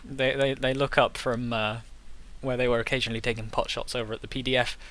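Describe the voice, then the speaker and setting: A man narrating as game master of a tabletop game, halting and full of restarts. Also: mid-range voice, little pitch movement, fairly bright tone.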